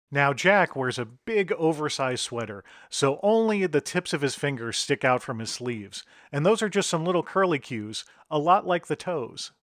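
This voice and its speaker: A middle-aged man talks through a drawing tutorial one step at a time, in an instructive tone. His voice sits a little higher than most men's, and the recording is dry and close. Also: a bit bright, no room sound. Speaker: author and illustrator.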